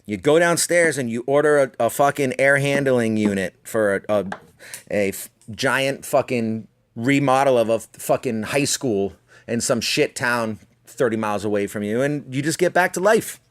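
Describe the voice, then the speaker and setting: A man at a middle pitch hosts a podcast alone, spinning a long story in a loose, meandering way. He swears nearly every sentence and mocks himself as he goes, now and then slipping into voices for the people in the story. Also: moderate pace. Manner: swears constantly, rambling, self-mocking; slips into voicing people in his anecdotes. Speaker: podcast host. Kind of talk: profane storytelling monologue.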